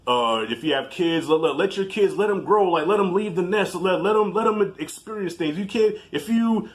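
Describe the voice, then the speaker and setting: A man in his thirties giving a casual, animated film review in slangy talk, laughing easily. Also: high-pitched, normal speed.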